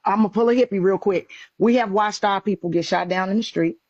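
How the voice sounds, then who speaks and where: A woman in a casual live chat, pressing her points emphatically and circling back to repeat them. Her voice is mid-pitched and comes through a dull, lo-fi phone mic. The sound is close and dry, with no room around it. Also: fairly quick, a little mellow, no echo. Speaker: live stream participant.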